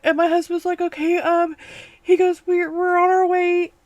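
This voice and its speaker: Middle-aged lady on the verge of tears, high voice, dry close sound. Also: level tone, darkish tone, no echo, dull audio. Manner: tearful, halting, many fillers and restarts. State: near tears. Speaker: crafting channel host. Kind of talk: emotional personal vlog.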